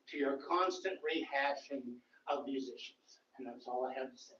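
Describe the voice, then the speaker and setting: A man making a measured but indignant complaint during public comment at a township meeting. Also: mid-range voice, fairly bright tone. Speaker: resident speaking at public comment. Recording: distant, roomy, dull meeting recording.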